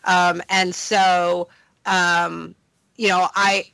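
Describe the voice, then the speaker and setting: A woman's voice: fairly low pitch, flat delivery, extremely slow, vocal fry, a bit bright, smooth, no echo, low-quality recording. A woman co-hosting a podcast, speaking hesitantly and thinking aloud with many fillers. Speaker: podcast co-host. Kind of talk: casual discussion.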